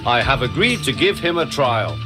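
A man's voice: mid-range voice, very animated, normal speed, music in the background, natural voice. A man voicing a stern, formal male railway boss in a children's story.

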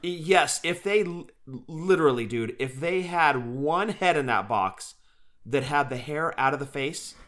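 Bright-voiced man, enthusiastic casual co-host. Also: fairly high pitch, animated, a little slow. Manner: enthusiastic, says "dude" often. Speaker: podcast co-host. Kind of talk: casual chat.

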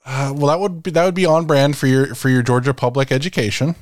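A man's voice: medium pitch, fairly even intonation, quick pace, a little hiss or hum. A man co-hosting a podcast, ribbing his friends in casual chat. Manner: joking, ribbing. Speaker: podcast co-host.

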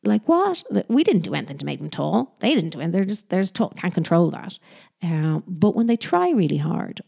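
A woman's voice: on the low side, gravelly, dark tone. A woman giving parenting advice in a casual, chatty talk, often correcting herself mid-sentence. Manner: chatty, self-correcting, slips into mock sing-song voices when quoting.

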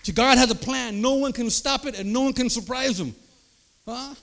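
An older man preaching a sermon, emphatic, checking in with the crowd through quick rhetorical asides. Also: extremely high pitch, creaky, fairly bright tone. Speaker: pastor.

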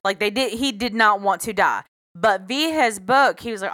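Midwest woman on a podcast, bright voice, dry close mic, cusses a lot and laughs. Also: medium pitch, normal speed, no echo. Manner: swears freely, laughs often. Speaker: podcast co-host. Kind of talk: casual true-crime podcast chat.

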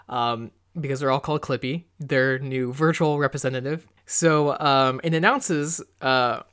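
Young man, podcast co-host, slightly high voice, smooth clear tone, halting casual talk. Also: a bit bright. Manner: hesitant, many fillers and restarts.

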